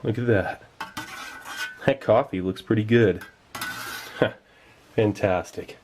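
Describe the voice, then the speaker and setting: A man's voice: lowish voice, takes it slowly, background noise. A man giving casual, enthusiastic commentary while tasting old rations, sometimes talking with his mouth full. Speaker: food tasting vlogger.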